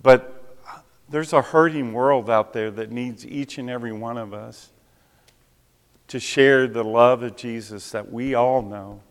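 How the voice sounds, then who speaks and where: A man's voice: mid-range voice, fairly even intonation, measured pace, smooth. A man preaching a sermon, telling a personal story and acting out the voices of people he quotes. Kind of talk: sermon testimony. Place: church sanctuary. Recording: long reverb of a hall.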